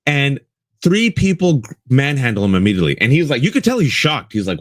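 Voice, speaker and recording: Emphatic man with lively pitch, dry sound. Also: fairly quick, no echo. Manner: emphatic, repeats lines for effect, addresses listeners as folks. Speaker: co-host. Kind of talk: impassioned political commentary.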